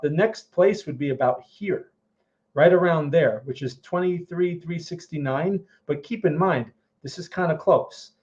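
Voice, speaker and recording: A man's voice: on the high side, darkish tone. A man with a New Jersey accent hosting a live stream of chart commentary, talking bluntly and frankly and often tagging on "right?". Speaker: market analyst host. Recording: slightly muffled lo-fi audio.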